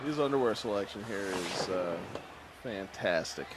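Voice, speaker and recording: A man's voice: low-pitched, lively intonation, normal speed, noisy background. A man co-hosting a podcast in a casual chat, bemused and rambling, with many fillers and laughs. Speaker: podcast co-host.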